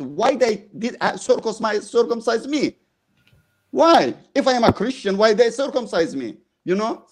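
High-voiced man, halting fervent speech. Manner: halting, many fillers, non-native grammar; forceful, mocking. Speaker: guest speaker. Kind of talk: impassioned live-stream testimony.

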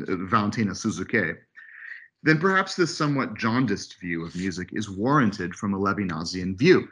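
A man giving an academic webinar lecture, reading a prepared text in a measured way with occasional asides. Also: lowish voice, a bit bright, breathy edge. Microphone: computer mic on video call.

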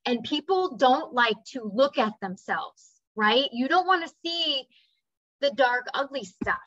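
Bright-voiced woman telling a story. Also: high voice, measured pace, no echo. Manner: earnest, animated, acts out voices and sounds. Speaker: spiritual speaker. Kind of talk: casual storytelling talk. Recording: slightly dull dry recording.

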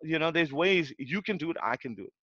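Speaking fast in a highish voice, a South African man from Cape Town animatedly recounts a story as a podcast guest, voicing what others said. The recording is dry and the audio sounds dull.

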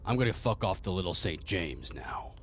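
A weary dark overlord, voiced by a man running a tabletop game, talks down in a low, humming tone. He is slow and dismissive, dropping his words with scorn. Faint background hum. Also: animated. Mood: scornful.

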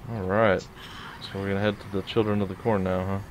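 A man's voice: low-pitched, flat delivery, a little fast, a little hiss or hum. A man hosting a let's play video, chatting casually and joking while he plays. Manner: joking, chatty, mumbles asides. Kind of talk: casual gameplay chat.

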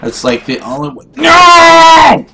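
A young man playing a video game and commenting as he goes, swearing a lot and swinging from low muttering to shouting in frustration. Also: sing-song, unhurried, noisy background. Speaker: gaming YouTuber. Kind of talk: raging gameplay commentary.

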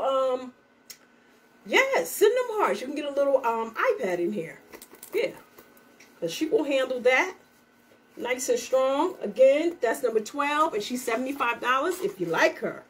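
A woman's voice: fairly high pitch, distant mic, slight background noise. A woman selling her handmade bags on a livestream, in a chatty, upbeat way and talking straight to her viewers. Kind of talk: casual live sales pitch.

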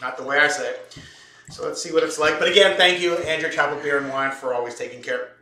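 Fast, bright-voiced rambling cooking host. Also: male voice, fairly high pitch. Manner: rambling and joking, with many fillers and restarts. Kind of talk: casual cooking show banter. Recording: roomy, from a distance.

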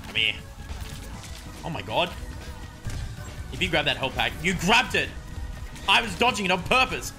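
A young man giving excitable live commentary while playing a game, swinging between muttered frustration and loud yelps. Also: mid-range voice. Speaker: gaming streamer.

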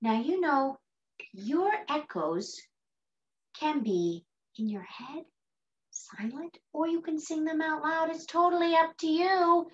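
A woman teaching an early childhood music class, gentle and sing-song, with hushed asides. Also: high-pitched, slow. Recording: dull lo-fi sound.

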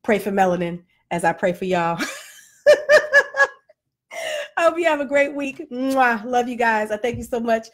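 Woman vlogger, high voice, animated self-mocking rant, slightly winded post-workout. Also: moderate pace, pauses often. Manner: animated, self-deprecating, laughs often. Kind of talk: casual comedic rant to camera.

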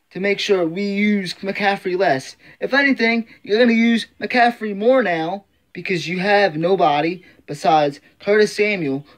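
A man ranting in frustration as a sports fan vlogger, swearing constantly and repeating himself. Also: high voice. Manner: frustrated, profane, repetitive ranting. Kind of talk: angry fan rant.

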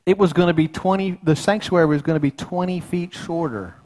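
A man's voice: sits high, brisk, a little mellow. Earnest folksy pastor, a man. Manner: folksy, earnest, repeats words and restarts. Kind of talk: sermon. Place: church sanctuary.

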